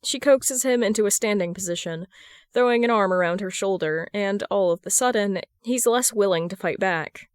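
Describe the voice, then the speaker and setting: A woman narrating a fan fiction story in a steady, even read. Her voice sits mid-range, and the recording is dry and close with no room echo. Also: mid-range voice, moderate pace, clear, resonant tone. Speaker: podfic reader.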